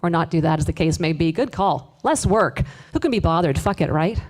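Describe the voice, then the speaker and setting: A woman performing a live spoken word piece, confessional and wry, moving between hushed asides and emphatic bursts with sharp swearing. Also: lowish voice, animated, brisk. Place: live event space with audience.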